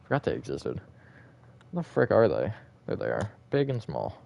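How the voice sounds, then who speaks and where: A man's voice: lowish voice, huge pitch swings, normal speed, gravelly, a little mellow. A man streaming a building game live, chatting casually and reacting to viewer comments. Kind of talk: live gaming stream chat.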